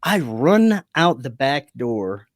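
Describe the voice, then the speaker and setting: A man, a podcast guest, telling a personal story in a lively, casual way, swearing freely and often restarting his sentences. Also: mid-range voice, takes it slowly, no echo, studio quality. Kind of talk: conversational storytelling.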